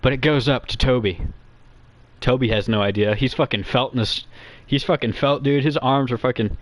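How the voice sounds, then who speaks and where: A man's voice: medium pitch, dry recording. A young man rambling crudely and nervously as a guest to some streamers, giggling as he goes. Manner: nervous, quick and quiet. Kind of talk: rambling comedic chat.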